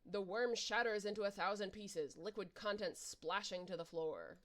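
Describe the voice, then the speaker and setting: A playful woman reading a webcomic adventure aloud, calling out the dice rolls and narrating the fights. Her delivery is animated and informal, and her voice sits in the ordinary middle range for a woman. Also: medium pitch, normal speed. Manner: animated, playful, reacting with laughs. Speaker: reader and narrator.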